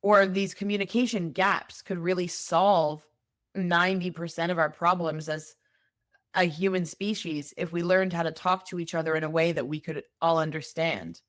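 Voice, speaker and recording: A woman's voice: on the low side, no room sound, studio quality. A woman hosting a solo podcast, talking in a conversational, emphatic way and explaining with everyday examples. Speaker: podcast host.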